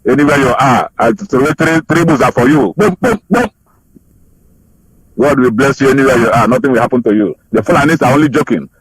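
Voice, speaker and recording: A man's voice: mid-range voice, quick pace, few pauses, breathy edge, no room sound, rough recording. A man calling in to a radio show, speaking with urgent, fervent repetition. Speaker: caller. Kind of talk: phoned-in radio appeal.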